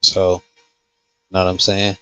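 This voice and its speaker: A man who hosts a casual livestream and reads comments, talking slowly with many fillers and restarts. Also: sits low, monotone, pushed and bright, clean tone. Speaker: host.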